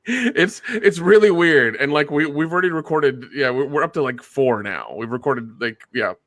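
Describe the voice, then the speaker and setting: A man chatting as a podcast guest, halting and often repeating his words. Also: a little high, animated, a bit bright, no echo. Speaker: guest, fellow channel creator. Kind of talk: casual chat.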